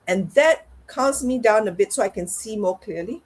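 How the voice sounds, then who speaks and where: A middle-aged woman with a slightly husky, breathy voice speaks as a guest coach. She talks in a candid, reflective way, often voicing her own inner self-talk aloud. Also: mid-range voice, expressive, moderate pace, hardly any pauses, a little mellow. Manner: reflective, talks herself through things aloud. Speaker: guest, parenting and life coach. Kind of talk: candid conversational interview.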